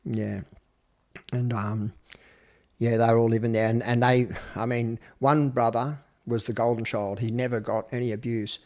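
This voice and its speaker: A man's voice: medium pitch, fairly even intonation, moderate pace, a little mellow. An Australian man in his fifties, a guest telling his life story with blunt, profane candor. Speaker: interview guest. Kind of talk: candid personal storytelling.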